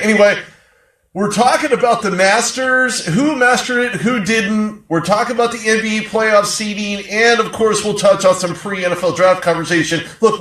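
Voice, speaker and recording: Male sports talk host, high voice, loose and jokey, echoey room off-mic. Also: fairly bright tone, distant mic. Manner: chatty, rambling and jokey.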